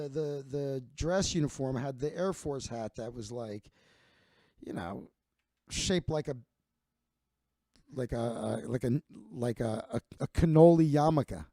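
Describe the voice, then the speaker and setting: A man's voice: fairly high pitch, dark tone, no room sound. A man in his forties, a comedian host telling a rambling, profane story full of fillers and restarts. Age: 40s.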